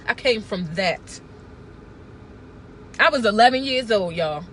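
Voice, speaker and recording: A woman's voice: on the high side, expressive, unhurried, pauses often, pushed and bright, a little hiss or hum. Blunt, profane woman ranting. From Baltimore. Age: 30s. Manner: blunt, profane, preachy and emphatic. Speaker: vlogger. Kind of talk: casual rant to camera.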